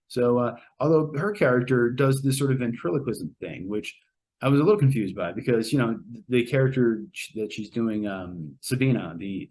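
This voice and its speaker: A man casually reviewing a movie on a podcast, rambling and hesitant, with many pauses and fillers. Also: mid-range voice, a little mellow, a little hiss or hum. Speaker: podcast co-host reviewing a film. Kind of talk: casual spoken film review.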